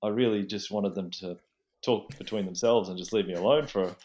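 A man in a relaxed podcast conversation, a watchmaker talking about his work. He rambles in a friendly, self-deprecating way, with a voice that sits on the low side. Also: a little fast, dull audio. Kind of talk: casual chat.

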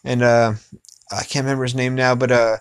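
A man's voice: medium pitch, little pitch movement, brisk, smooth. A young man hosting a podcast, chatting casually in a rambling way with lots of swearing and filler phrases. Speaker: podcast host. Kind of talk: casual chat.

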